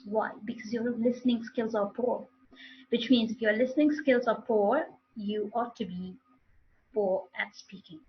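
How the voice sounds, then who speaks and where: A woman's voice: on the high side, measured pace, breathy edge, lo-fi sound. A woman teaching a live online English speaking class, explaining with repeated and restarted phrases.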